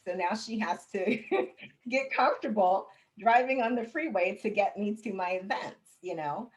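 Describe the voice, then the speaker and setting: A woman telling her personal story as an interview guest, candid and expressive, with touches of humor. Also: medium pitch, rough recording.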